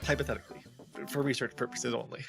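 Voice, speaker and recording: A man's voice: mid-range voice, flat delivery, fast talker, gravelly, over loud music. A man narrating an explainer video in a dry, wry, instructive tone.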